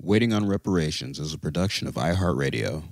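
A man's voice: a bass voice, animated, fast talker, a little mellow, no echo, clean studio sound. A man co-hosting a podcast in casual, loose and profane chat. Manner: laid-back, loose and profane. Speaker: podcast co-host.

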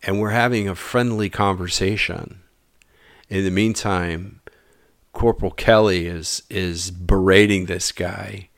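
A man's voice: low-pitched, a little slow, no echo, studio quality. A man telling a personal story in a casual way, acting out the dialogue and dropping to a mutter at times. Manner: animated, acts out dialogue, drops to mutters.

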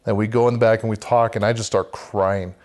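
Earnest low-voiced man telling his story. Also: fairly even intonation, brisk, a little mellow. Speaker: podcast guest, men's church group leader. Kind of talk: podcast interview, personal faith testimony.

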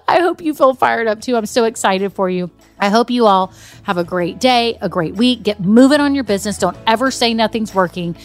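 A woman's voice: a little high, fairly quick, faint music behind. Fired-up woman coaching business owners. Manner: energetic, emphatic, pep-talk delivery; addresses listeners directly with "y'all" and "okay?". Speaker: business coach and podcast host. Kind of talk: motivational solo podcast talk.

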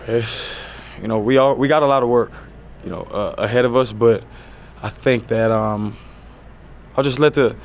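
A man's voice: mid-range voice, moderate pace, a little hiss or hum. Laid-back man fielding press questions. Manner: relaxed, loose, full of "you know" fillers. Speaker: pro football player at a press conference. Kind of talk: press conference answers. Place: press conference area.

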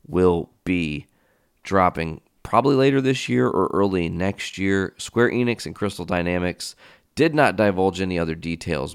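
Male podcast host, deep and resonant, casual rambling riffs, dry close sound. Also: smooth, no echo. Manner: rambling, enthusiastic riffing with fillers; casual swearing. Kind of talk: casual solo podcast talk.

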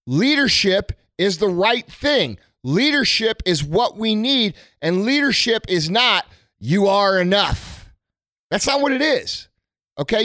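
A man's voice: high voice, bright, forceful tone, no echo, clean studio sound. A man from the United States delivering a blunt, profane motivational rant about tough leadership. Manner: blunt, aggressive, heavy swearing. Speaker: motivational speaker.

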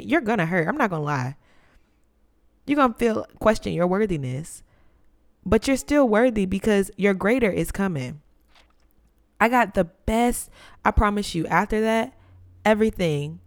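A woman in her twenties hosting a podcast, telling a personal story in an expressive, testifying way and talking straight to her listeners. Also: mid-range voice. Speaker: podcast host.

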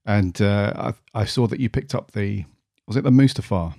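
The voice of a man co-hosting a podcast, easygoing and quick to laugh, with casual swearing. His low, mellow voice is heard close and dry. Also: vocal fry, no room sound. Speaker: podcast co-host.

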